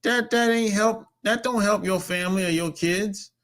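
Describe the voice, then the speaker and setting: A man's voice: moderate pace, fairly bright tone. A man hosting a podcast, talking bluntly and emphatically, with a lot of profanity. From North America. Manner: blunt, profane and emphatic, with sudden pitch jumps. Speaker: podcast host. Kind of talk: casual monologue.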